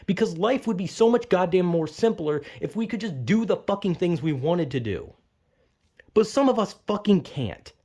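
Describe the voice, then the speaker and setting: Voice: medium pitch, a little mellow. A young adult vlogger ranting angrily in an unscripted monologue, swearing heavily and sounding frustrated. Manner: heated, profane, frustrated.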